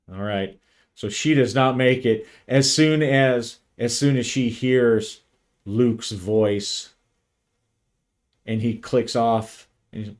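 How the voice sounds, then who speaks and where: A man's voice: medium pitch, a little mellow. A man narrating a solo tabletop role-playing session, thinking aloud with frequent restarts. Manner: thoughtful, hesitant, frequent restarts. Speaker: solo game player and narrator.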